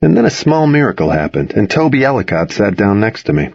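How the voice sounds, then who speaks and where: A man with a low, husky voice reads a first-person story aloud in a wry, measured way, his pitch moving a lot through each sentence. The recording is very dry, with a slightly muffled sound. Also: big pitch swings, a little mellow, no room sound. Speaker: audiobook narrator. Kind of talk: first-person audiobook narration.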